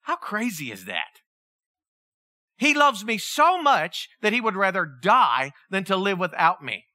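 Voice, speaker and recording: Animated, bright-voiced preacher. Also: medium pitch, unhurried, no room sound, studio quality. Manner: storytelling, acts out the people in the story; asks the listeners many questions. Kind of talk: sermon.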